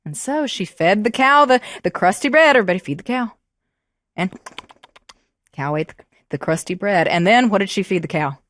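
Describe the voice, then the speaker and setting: Woman storyteller, animated and expressive, with a lively pitch and a close, dry sound. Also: moderate pace, no room sound. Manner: animated, expressive, prompting the audience to join in. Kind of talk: live storytelling to children.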